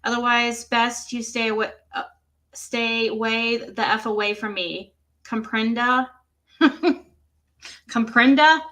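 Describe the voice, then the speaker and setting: A woman reading screenshots of text messages to her livestream audience. She speaks slowly, in a bright and slightly high voice. She keeps stopping to react with exclamations and laughs. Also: level tone. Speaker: livestream host. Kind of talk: reading texts aloud on a livestream.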